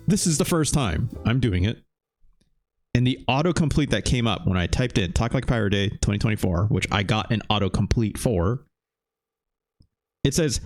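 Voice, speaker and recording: A man in his thirties streams a retro game and banters with his chat. His low voice swings up and down a lot as he reacts, and he drops casual swears along the way. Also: animated, brisk, faint music behind.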